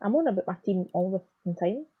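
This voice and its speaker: A woman's voice: medium pitch, animated, brisk, slightly rough, phone-quality sound. A woman co-hosting a live football stream, chatting frankly and wryly. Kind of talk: casual football chat.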